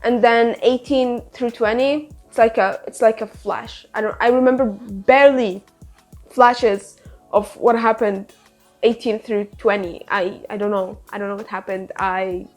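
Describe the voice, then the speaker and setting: A woman's voice: fairly high pitch, fairly even intonation, a little slow, soft background music. A woman in her twenties giving a casual monthly reading wrap-up, gushing over books, repeating herself and swearing casually. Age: 20s. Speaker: book reviewer.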